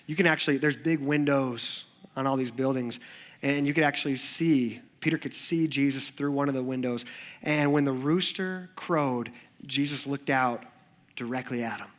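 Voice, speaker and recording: Here a youth pastor, a man, preaches in church with a mid-range voice, telling his story in a way that drifts from quiet moments to energetic bursts.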